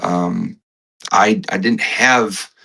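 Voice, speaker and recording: A man with a bright, forceful voice that sits fairly low, speaking as a guest on a podcast. He tells his story haltingly, restarting sentences and repeating key phrases. He sounds a little choked up. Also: gravelly, husky, rough recording. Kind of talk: emotional conversational storytelling.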